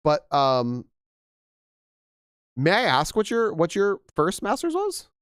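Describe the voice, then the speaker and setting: A young man chatting casually on a game stream, rambling and animated with frequent restarts, slightly hoarse from losing his voice. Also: high voice, takes it slowly, no echo, studio quality. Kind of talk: casual live-stream chat.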